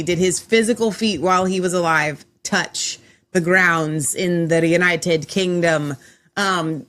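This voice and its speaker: A woman's voice: mid-range voice, a bit bright. A woman hosting her own show, talking in a chatty, rambling way with frequent restarts. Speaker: host. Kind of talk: casual chat.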